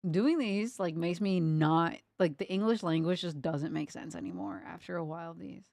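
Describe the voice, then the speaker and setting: A woman's voice: fairly low pitch, expressive, measured pace, creaky, hardly any pauses, a little mellow, dry recording, clean studio sound. A young woman chatting casually while she draws, playfully reciting tongue twisters and laughing at her slips. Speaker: art streamer. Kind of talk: casual chat while drawing.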